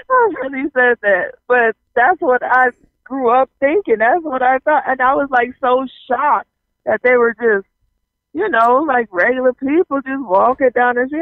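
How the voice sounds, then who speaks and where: A high-pitched, gravelly man tells stories in relaxed talk-show chat. His delivery is animated and packed with fillers. The sound is dry and squeezed through a narrow, phone-like band. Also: measured pace, no echo. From Southern US, New Orleans area. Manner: animated, laughing, heavy on fillers like "you know". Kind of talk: casual storytelling on a talk show.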